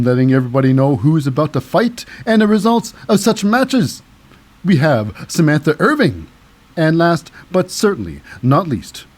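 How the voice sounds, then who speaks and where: A man's voice: a little high, a little mellow. A man hosting a casual wrestling recap, rambling along with frequent fillers and self-corrections. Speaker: recap show host.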